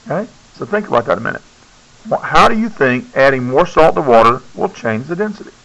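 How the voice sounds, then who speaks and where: A man's voice: mid-range voice, sing-song, fairly quick, creaky, a bit bright, highs cut off. A male science teacher lecturing a classroom, keeps checking in with "okay?" and coaxing students to speak up.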